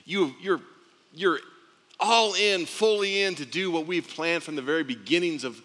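A man voicing God the Father as a tender, loving parent speaking softly to his son. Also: on the high side, normal speed, pitched above the performer's own voice. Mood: earnest. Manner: soft, intimate, reassuring. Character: tender loving heavenly father, deep and gentle. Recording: long reverb of a large hall.

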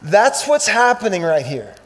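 A male pastor preaching a sermon, swinging from loud emphatic bursts to quiet, slow scripture reading. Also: sits high, sing-song.

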